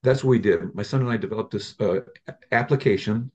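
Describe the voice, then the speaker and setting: Appearing as an interview guest, an older man rambles through lengthy stories about the app he made, with frequent restarts in conversational style. His fairly low voice moves quickly, a little mellow with a breathy edge, on lo-fi audio.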